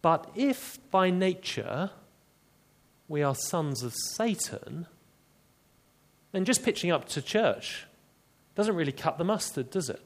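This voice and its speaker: A man's voice: sits high, animated, slow, long pauses. A man preaching an expository sermon, emphatic and explanatory, with rhetorical questions to the congregation.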